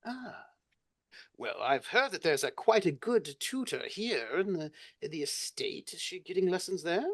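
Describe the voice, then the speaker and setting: A facilitator plays a nosy, snobbish aristocrat who fires off prying questions. The voice swings widely in pitch and stumbles with fussy hesitations. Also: sing-song, normal speed, a bit bright, no echo. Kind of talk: tabletop role-play in character.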